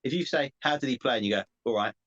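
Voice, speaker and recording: A man's voice: mid-range voice, animated, rapid-fire, a bit bright. Man with a dull lo-fi sound, arguing playfully. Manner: argumentative, playful, laughs often. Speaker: podcast co-host. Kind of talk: casual chat.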